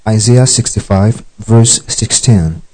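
A man's voice: lowish voice, slow, a little mellow, rough recording. A man preaching a Bible teaching sermon, repeating key phrases and often checking that listeners follow him. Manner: tells listeners to underline verses.

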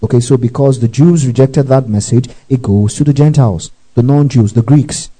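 A man's voice: medium pitch, moderate pace, mellow, slightly rough, poor audio. A man preaching a teaching sermon, reading scripture with asides, often asking if listeners follow and breaking into praise exclamations. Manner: reads scripture aloud with asides.

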